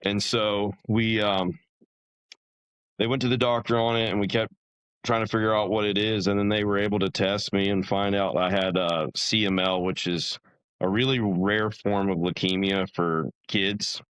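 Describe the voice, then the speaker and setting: A man's voice: fairly low pitch, flat delivery, normal speed, fairly bright tone, clear, resonant tone, no echo, rough recording. A young man, a podcast guest, telling his story in a casual, rambling way, full of fillers and restarts.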